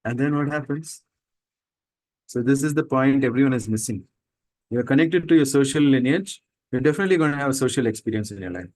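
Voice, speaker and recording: A man's voice: mid-range voice, lively intonation, a little mellow, poor audio. A man giving a spiritual talk to students, emphatic and full of rhetorical questions. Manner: mocks people with quick put-on voices. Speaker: spiritual teacher.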